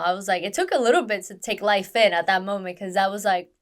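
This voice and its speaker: Speaking fast with hardly any pauses, a woman with a medium-pitched voice shares her story as a stunt performer. The interview is casual, and she's lively throughout, acting out quoted dialogue and leaning heavily on fillers.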